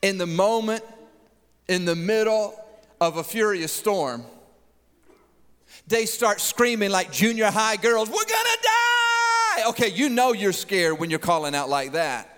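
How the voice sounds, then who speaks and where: A man's voice: sits high, unhurried, long pauses, clean tone. A man preaching a sermon, joking and acting out voices as he talks. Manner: animated, joking, acts out voices. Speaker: pastor. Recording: long hall reverb.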